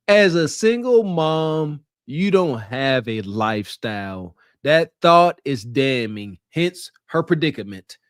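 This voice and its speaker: A man's voice: medium pitch, big pitch swings, slow pace, few pauses, clear, resonant tone, dry recording, studio quality. A man co-hosting a podcast, giving blunt, mocking dating commentary. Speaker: podcast co-host. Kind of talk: casual commentary.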